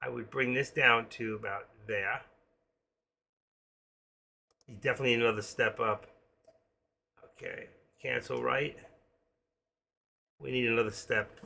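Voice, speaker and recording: A man in his sixties, an excitable day trader who rambles through a casual live-stream commentary with pep-talk asides. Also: mid-range voice, unhurried, vocal fry, pauses often. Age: 60s.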